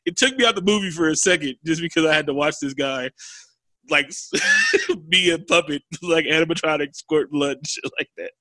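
A man's voice: fairly high pitch, normal speed, dry recording. A man in casual chat, animatedly retelling a film scene, acting out the characters' lines and laughing often. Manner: animated storyteller, acts out quotes, swears, laughs often.

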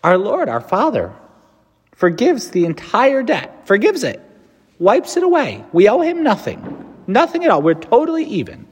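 A man's voice: high voice, huge pitch swings, normal speed, breathy edge. Earnest man preaching in a reverberant hall. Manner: earnest, emphatic peaks with casual asides. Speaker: priest giving a meditation. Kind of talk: spoken meditation with scripture. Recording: long reverb in a large room.

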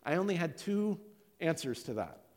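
A man's voice: fairly high pitch, very animated, normal speed, a little mellow. A middle-aged man, a pastor, preaching a candid, confessional personal sermon. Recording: long hall reverb.

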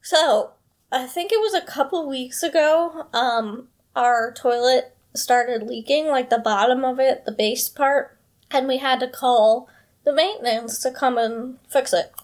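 A woman's voice: high-pitched, measured pace. A woman hosting a casual chat podcast, rambling and chatty with many fillers. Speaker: podcast host.

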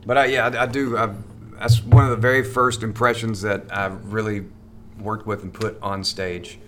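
A man's voice: lowish voice, flat delivery, moderate pace, fairly bright tone, a little hiss or hum. Male comedian guest, casual and rambling, repeats words as he talks. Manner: stammering restarts, rambling. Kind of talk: casual podcast chat.

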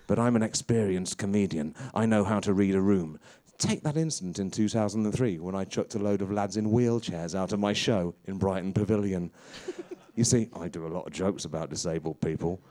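A man playing a crude, bewildered veteran stand-up comedian in a rambling deadpan confessional monologue. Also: low voice, fairly quick, voice pushed down, lightly acted.

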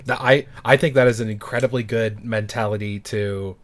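A man hosting a casual podcast, reacting to his guest with friendly, quick responses. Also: lowish voice, steady tone. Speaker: podcast host.

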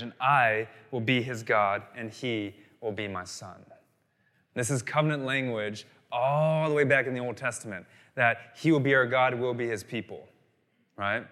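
A man delivers a sermon in an animated storytelling manner. He rises to loud emphatic lines and then drops to soft, quiet asides. His voice has a middle pitch and rings out with a long reverb from the hall. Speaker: pastor.

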